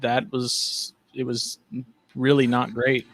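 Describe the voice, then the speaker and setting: A man co-hosting a casual talk show, speaking with a clear, bright tone. He rambles easygoingly, but his opinions come out blunt. The voice sounds close and dry, with no room around it. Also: medium pitch, flat delivery, takes it slowly, dry recording. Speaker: podcast co-host, cigar seller. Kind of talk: casual chat.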